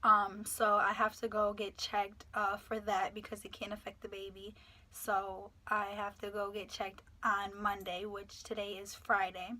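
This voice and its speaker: A woman's voice: mid-range voice, monotone, unhurried, bright, forceful tone. An eighteen-year-old woman, telling a story casually and animatedly, swearing and acting out the people she quotes. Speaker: vlogger.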